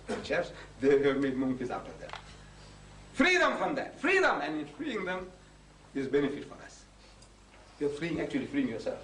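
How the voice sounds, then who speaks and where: Man, high and lively voice, lecture, echoing hall, mic far off. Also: a little hiss or hum. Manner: animated anecdotal storytelling with mimicked dialogue. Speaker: Islamic preacher and lecturer. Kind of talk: storytelling public lecture. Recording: roomy hall recording from far off.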